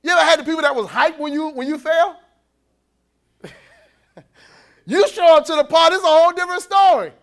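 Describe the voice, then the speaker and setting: A male pastor preaching an animated, colloquial sermon, acting out the voices he quotes and laughing between points. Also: very high voice, fairly quick, creaky, pauses often. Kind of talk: sermon at a men's conference.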